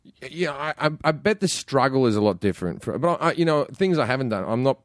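A man's voice: medium pitch, lively intonation, fairly quick, dry recording, studio quality. A man who is a comedian, telling stories in casual podcast chat, swearing freely and stumbling over his words. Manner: swears freely, stammers and restarts. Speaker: comedian guest.

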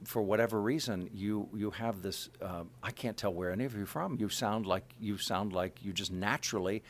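Guy talking in an interview, low-ish voice, no regional accent, lots of uh and restarts, keeps changing pitch to make his point. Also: normal speed. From Kansas City area. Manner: rambling with many restarts and fillers; animated, shifts pitch to illustrate points. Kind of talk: casual interview chat.

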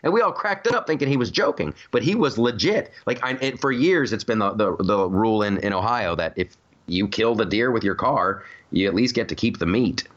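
A man's voice: fairly low pitch, lively intonation, brisk, few pauses, fairly bright tone, highs cut off. A man hosting a casual, comedic podcast chat, rambling through stories with many restarts and laughs. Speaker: podcast host.

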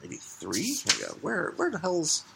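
A man co-hosting a podcast, chatting casually about comics in a rambling way, with many halting restarts. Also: a little high, huge pitch swings, vocal fry, very noisy. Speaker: podcast co-host.

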